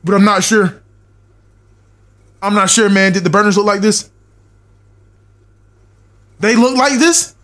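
A man's voice: high-pitched, a little slow, pauses often, a bit bright. A young man streaming a horror game live, muttering checklists to himself, swearing and talking back to his chat. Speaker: gaming streamer.

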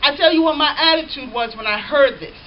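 A woman's voice: high-pitched, a little fast. A woman pastor preaching a sermon, reading scripture aloud and calling out to the congregation. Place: church. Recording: dull lo-fi church recording with faint hiss.

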